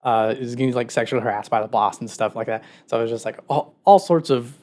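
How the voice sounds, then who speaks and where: A man's voice: mid-range voice, fast, a little mellow. A man co-hosting a podcast, retelling a story in a casual, rambling way with many filler words. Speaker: podcast co-host. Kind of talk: casual chat.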